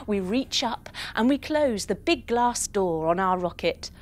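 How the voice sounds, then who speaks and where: A woman's voice: medium pitch, animated, unhurried, faint music behind. A young woman leading a storytelling yoga class for children, playful and encouraging, with gasps and sound effects. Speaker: kids yoga teacher.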